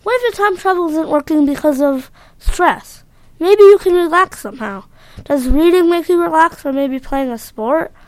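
A woman's voice: high-pitched, moderate pace, dry recording, close to an everyday voice. Woman voicing an eager, curious boy. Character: curious helpful boy in a hoodie.

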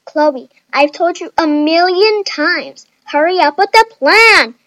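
A woman voicing a bossy young woman who calmly takes charge and grows impatient. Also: high-pitched, normal speed, no echo.

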